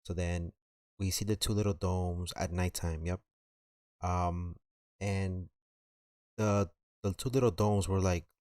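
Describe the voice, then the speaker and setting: A man's voice: deep voice, a little mellow, dry recording, clean studio sound. A man telling a story on a live stream in a rambling, slangy way, full of fillers.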